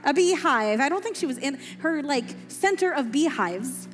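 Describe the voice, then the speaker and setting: Playful high-voiced woman telling a children's story. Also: lively intonation, moderate pace. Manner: playful, asks the children questions. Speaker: children's storyteller at a family service. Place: synagogue sanctuary. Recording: echoey hall with faint music.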